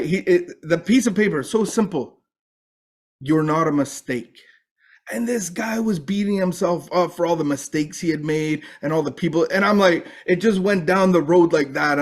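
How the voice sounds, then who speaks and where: A middle-aged man giving a personal recovery testimony, halting and full of restarts and fillers. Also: fairly high pitch. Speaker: recovery speaker.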